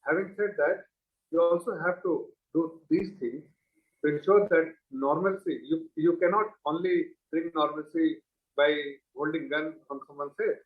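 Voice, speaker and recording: A man speaking as a political spokesman on a TV panel, measured and earnest. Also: fairly high pitch. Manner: measured, earnest, halting with fillers. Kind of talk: TV panel debate. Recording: echoey dull remote audio link.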